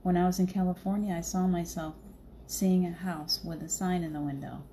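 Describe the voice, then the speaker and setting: A woman's voice: fairly low pitch, steady tone, normal speed, warm tone, slight background noise. A middle-aged woman hosting a livestream, telling a spiritual story in a chatty way and laughing often. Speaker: livestream host. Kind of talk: casual spiritual chat.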